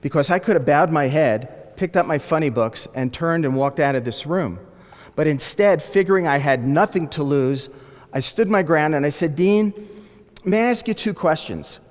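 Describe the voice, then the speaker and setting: Animated male storyteller in a reverberant hall. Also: on the high side, moderate pace. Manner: animated, acts out the people he quotes. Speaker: speaker telling his life story. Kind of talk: storytelling talk.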